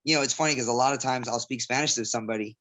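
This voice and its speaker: A man talks very fast in a medium-pitched, slightly bright voice: an MMA fighter from Southgate, California, guesting casually on an interview. He rambles from story to story, putting on other people's voices.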